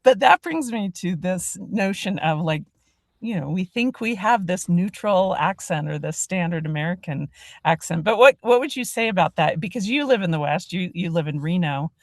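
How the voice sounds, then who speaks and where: A woman hosts a podcast interview in a chatty, self-deprecating manner. Her voice sits somewhat low for a woman. The sound is dry, with no room echo. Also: animated, normal speed. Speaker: podcast host. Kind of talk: casual interview chat.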